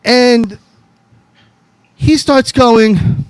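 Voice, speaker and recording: High-voiced man on a profane rant. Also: lively intonation, moderate pace, dry recording, rough recording. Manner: profane, angry and fired up; calls out to co-hosts by name. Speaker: podcast host. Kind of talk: heated podcast rant.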